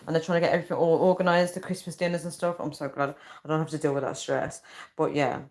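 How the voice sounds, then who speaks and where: A woman's voice: low voice, flat delivery, fast, a little mellow. Chatty young woman on a live stream. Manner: chatty, rambling, reads chat aloud. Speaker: livestreamer. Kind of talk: casual live-stream chat.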